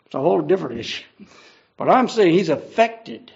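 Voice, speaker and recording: High, gravelly male preacher, lo-fi. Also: big pitch swings, brisk, a little mellow. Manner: earnest, conversational, explaining each verse. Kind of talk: verse-by-verse Bible teaching. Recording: dull lo-fi recording.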